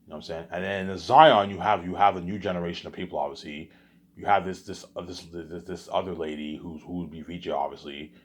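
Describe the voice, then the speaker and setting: Talking at a quick pace in a steady tone, this vlogger has a very deep voice with a husky roughness. His casual monologue wanders, full of repeated words and restarted sentences.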